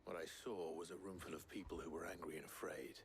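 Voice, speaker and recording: A deep, hushed warrior hero. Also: male voice, steady tone, fast talker, a little hiss or hum. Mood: serious. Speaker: game character.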